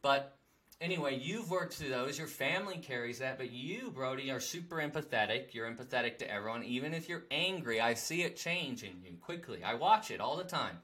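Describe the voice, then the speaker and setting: Bright-voiced, excitable man. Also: medium pitch, a little fast. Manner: excitable and animated. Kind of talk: heartfelt casual conversation.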